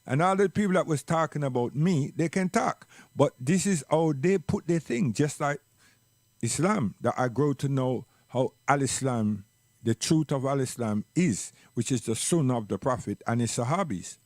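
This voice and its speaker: A man telling a personal story slowly and reflectively, repeating words for emphasis. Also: medium pitch, lively intonation, no room sound, clean studio sound.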